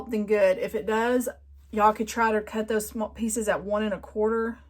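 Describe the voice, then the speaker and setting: With a steady, mid-range voice at normal speed, a woman hosts a casual quilting and sewing tutorial. She thinks aloud and talks to herself, rambling in growing frustration as a sewing machine runs behind her.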